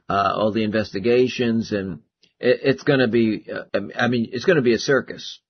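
Man, host, commentary monologue, husky voice, opinionated, stop-start delivery, dull lo-fi audio. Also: mid-range voice. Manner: opinionated, halting with frequent restarts.

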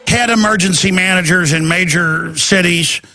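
A middle-aged man hosting a talk radio show, ranting rapidly and with great passion. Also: high-pitched, pushed and bright, soft background music.

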